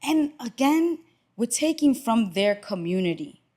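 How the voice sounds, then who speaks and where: A woman's voice: on the high side, very animated, mellow. A woman talking as a podcast guest in casual chat, earnest and emphatic. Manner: earnest and emphatic, quick reactions.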